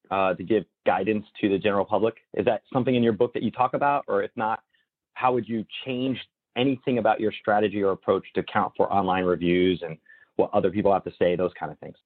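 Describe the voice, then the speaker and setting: Husky low-voiced male host, phone line. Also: no echo. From Florida, USA. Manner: earnest, rambling questions. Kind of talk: casual interview conversation.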